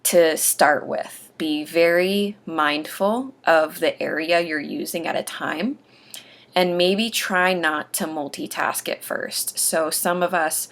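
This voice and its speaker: A woman talking earnestly about getting used to dentures, pausing between phrases as she gives advice. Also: on the low side, fairly bright tone. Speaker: host sharing denture aftercare advice. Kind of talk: casual instructional talk.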